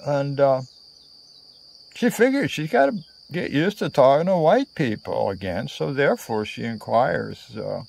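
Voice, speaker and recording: A male storyteller spinning a long travel yarn at an unhurried pace. His pitch swings lively up and down as he rambles through fillers and side remarks. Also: creaky. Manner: meandering, full of fillers and asides. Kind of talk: casual spoken storytelling.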